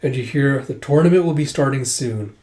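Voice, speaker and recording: A man reading the lines of a calm, thoughtful male warrior. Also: mid-range voice, fairly quick, lightly acted. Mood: reflective.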